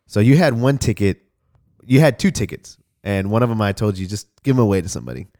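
Quick and expressive, his lowish voice carries a laid-back podcast story from a young man hailing from Houston, Texas. He curses often and loudly performs the voices of the characters.

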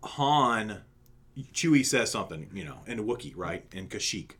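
Male co-host, animated and lively, casual chat storyteller. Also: lowish voice, moderate pace. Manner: animated storytelling with many "you know"s. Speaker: podcast co-host.

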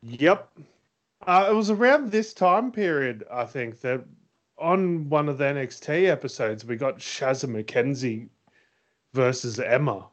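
A man co-hosting a casual wrestling podcast, excitable and quick to laugh. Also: mid-range voice, dull audio. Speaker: podcast co-host.

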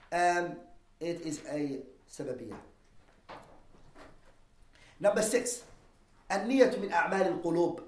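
A man teaching a lesson on Islamic law, explaining terms and posing rhetorical questions, quickly reading Arabic texts and then translating them. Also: high-pitched, darkish tone. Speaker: religious teacher. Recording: echoey room, voice from a distance.

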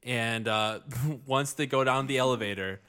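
A man in casual podcast chat, rambling and halting with lots of restarts and jokes. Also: medium pitch, bright, forceful tone, smooth. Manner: rambling, halting, many likes and restarts, joking.

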